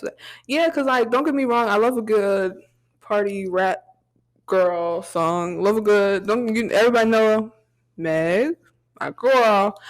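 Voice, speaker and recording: A woman's voice: medium pitch, low-quality recording. Giggly young woman podcast co-host. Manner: laughing, slangy, playful. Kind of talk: casual chat.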